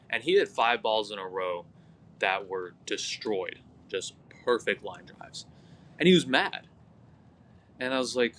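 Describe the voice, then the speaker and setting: A male coach talking casually on a podcast, his mid-pitched voice bright and forceful. He tells stories and acts out the back-and-forth with his athletes. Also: measured pace. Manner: storytelling, quotes his athletes in dialogue. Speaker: hitting coach and podcast co-host.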